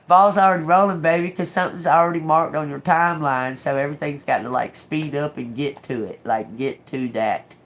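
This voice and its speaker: A woman doing a casual tarot reading, talking emphatically, swearing freely, laughing often and repeating herself for stress. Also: low voice. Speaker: tarot reader.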